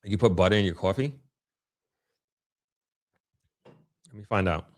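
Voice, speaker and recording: A man's voice: low voice, fairly quick, no room sound, clean studio sound. A man with a Long Island accent hosting a casual live stream, reading viewer comments aloud and answering them in an upbeat, chatty way. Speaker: livestream host reading chat.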